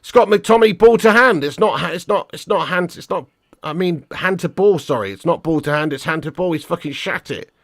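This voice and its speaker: Male fan-streamer, high bright voice, dry close sound, swears freely and shouts at the ref. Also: brisk, dry recording. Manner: swears a lot, excitable, chats to viewers. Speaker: football watch-along host. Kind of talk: live match watch-along commentary.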